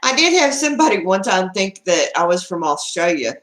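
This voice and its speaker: A woman's voice: fairly low pitch, very animated, a little fast, a bit bright, reverberant. A woman from Texas with a Texan accent, hosting a casual live chat and answering viewer comments in a chatty, proud way. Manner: chatty, proud, laughs often, restarts sentences.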